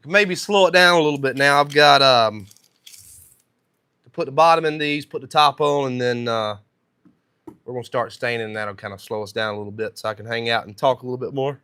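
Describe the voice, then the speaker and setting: A man's voice: medium pitch, fairly quick, pushed and bright, clean tone. A man with a thick North Carolina accent and a sore throat, chatting casually on a live stream while he works in his workshop and answers viewers' comments. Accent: thick North Carolina Southern.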